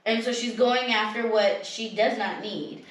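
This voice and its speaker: A woman co-hosts a casual podcast and weighs in with blunt, slangy opinions. Her voice is slightly high and sounds a little distant from the mic. A heavy echo surrounds her voice. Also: a little slow. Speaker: podcast co-host. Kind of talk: casual chat. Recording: echoey room, voice set back from the mic.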